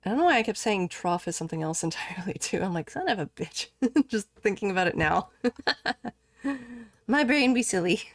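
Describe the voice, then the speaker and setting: A woman's voice: mid-range voice, lively intonation, normal speed, pauses often. A chatty woman streamer rambles and giggles as she plays, now and then scolding the game. Her voice sits in a middle range. The sound is dry, close and free of room echo. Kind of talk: casual chat while live streaming a game.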